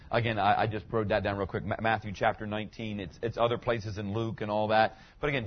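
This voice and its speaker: A man's voice: medium pitch, husky, highs cut off. A middle-aged man, a pastor, preaching a sermon in a conversational way, asking the congregation questions as he goes.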